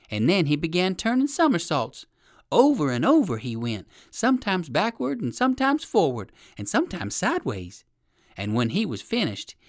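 A storyteller narrating a children's tale in a playful, expressive way. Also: mid-range voice, dry recording, studio quality.

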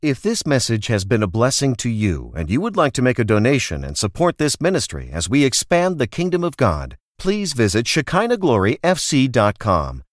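Guy reading a church donation plug, super lively up-and-down voice, dry sound. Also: mid-range voice, moderate pace, few pauses, dry recording. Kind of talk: scripted donation appeal.

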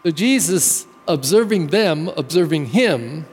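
A male pastor preaches a homily in a chatty, animated way. He often stops to ask questions and tell stories. His voice sits high for a man and rings with a long church reverb. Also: a little slow, breathy edge. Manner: animated, conversational, storytelling. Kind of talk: sermon.

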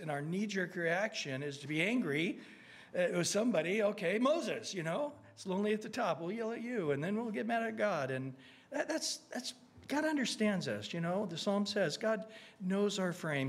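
Earnest, folksy middle-aged male pastor. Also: high voice. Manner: earnest, folksy, many restarts, acts out prayers. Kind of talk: conversational sermon.

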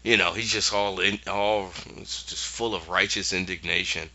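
A man with a fairly low, very bright voice walks through a TV episode in casual talk. His pitch moves a lot as he slips in and out of character voices. The recording is dull and lo-fi. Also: fairly even intonation, normal speed, few pauses. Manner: acts out characters' lines in voices. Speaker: podcast host recapping a TV episode. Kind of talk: casual recap storytelling.

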